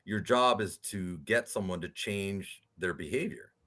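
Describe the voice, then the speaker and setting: A very deep-voiced man telling his stories as a guest on an interview podcast. He speaks in an animated way and keeps tagging his points with a quick "right?". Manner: animated storyteller, rhetorical "right?" tags. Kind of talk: storytelling interview talk.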